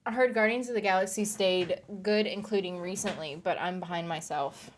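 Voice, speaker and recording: A woman's voice: mid-range voice, normal speed, slight background noise. A woman streaming from her home office, chatting casually and answering her chat in a rambling way.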